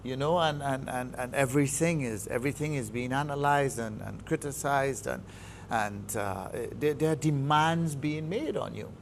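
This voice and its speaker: A man's voice: medium pitch, normal speed, creaky, slight background noise. A man with a Trinidadian accent, a football coach giving an interview, speaking emphatically and repeating words as he builds his points. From Trinidad and Tobago. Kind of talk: studio interview.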